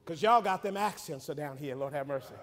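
A man preaching a sermon in a church, shifting between fast joking asides and loud shouted climaxes. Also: a little high. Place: church sanctuary. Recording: reverberant church hall.

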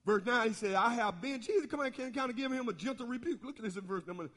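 A middle-aged man preaching a sermon, folksy and quick to laugh, often asking the congregation questions. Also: extremely high pitch, fairly bright tone.

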